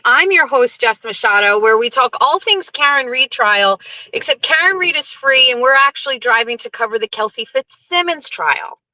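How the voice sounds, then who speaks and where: A middle-aged woman hosts a casual livestream while driving her car, chatting away, greeting viewers again and again, and drifting into rambling asides. Her voice is a little high, pushed and bright. The recording is low quality but has no echo.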